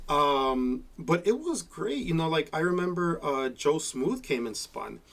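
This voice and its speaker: Animated storytelling man, a bit off-mic. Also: a little high, unhurried, gravelly, recorded from a distance. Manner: animated, laughing storyteller who acts out quotes. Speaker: podcast guest, former radio mix show host. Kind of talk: casual storytelling chat.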